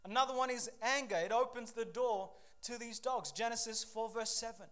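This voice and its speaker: A male preacher from Papua New Guinea delivering a sermon, reading scripture and telling lively stories with sudden swings in loudness. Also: extremely high pitch, normal speed, clean tone. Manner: animated storytelling with shifting loudness, acts out voices.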